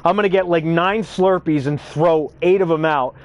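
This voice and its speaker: Brief: high-voiced young guy, profane, animated storyteller, casual gaming chat. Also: moderate pace. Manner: animated, profane, acts out quotes. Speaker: youth care worker.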